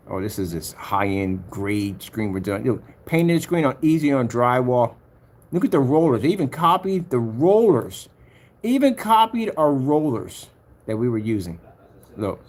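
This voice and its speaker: A man's voice: mid-range voice, measured pace, darkish tone. A man, rambling and boastful as he scrolls through his own demos, humming filler sounds and challenging rivals. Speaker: projector screen paint maker. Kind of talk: rambling screen-recording vlog.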